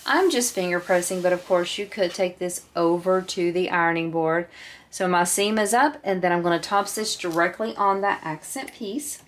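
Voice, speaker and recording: Calm woman teaching a sewing tutorial. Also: lowish voice, moderate pace. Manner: calm, patient, walks through each step. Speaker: sewing instructor.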